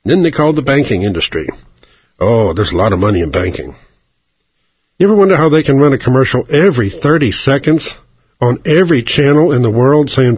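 A man's voice: medium pitch, very animated, fast talker, husky, no echo. A man hosting a radio talk show, telling a sarcastic, profane satirical rant, over a dull, dry broadcast.

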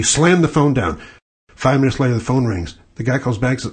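A male stand-up comedian, ranting bluntly and profanely in a husky voice. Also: mid-range voice, animated, a little fast.

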